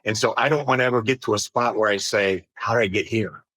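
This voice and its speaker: A man being interviewed as a podcast guest, speaking in an earnest, measured way about business and mindfulness. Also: lowish voice, fairly bright tone, dry recording. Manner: earnest and measured, thinks aloud with fillers. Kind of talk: reflective conversational interview.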